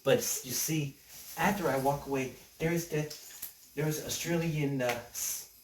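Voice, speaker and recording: A man telling a rambling comic story as a stand-up comedian, halting with many restarts. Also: a little high, fairly even intonation, a little hiss or hum. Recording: echoey room, mic at a distance.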